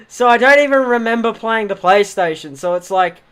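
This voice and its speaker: A man's voice: sits high, normal speed, a bit bright, clean tone. Rambling young Australian guy telling stories. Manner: rambling, swears a lot, laughs at his own stories. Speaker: livestreamer. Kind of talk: casual storytelling on a livestream.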